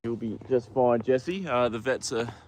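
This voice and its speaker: A man's voice: medium pitch, a little slow, darkish tone, a little hiss or hum. A man hosting a casual live stream outdoors by a horse paddock, rambling and answering viewer comments, with the odd swear word.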